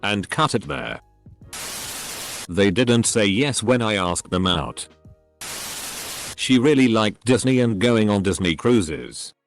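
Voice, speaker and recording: A synthetic male computer voice, set fairly low, reads online posts aloud one short clipped sentence after another. The pitch swings up and down through each line. Faint music plays underneath. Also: expressive, slow, creaky, long pauses. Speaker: narrator reading posts aloud. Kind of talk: text-to-speech reading of online posts.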